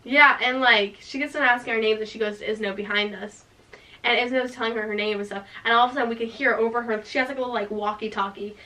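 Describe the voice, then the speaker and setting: A young woman vlogger with a bright, lively voice pitched on the higher side. She rushes through her story with endless fillers and bursts of laughter. She sits a short way back from the microphone. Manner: animated, heavy filler "like", laughing. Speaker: vlog host. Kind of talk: storytime chat. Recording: voice a bit distant from mic.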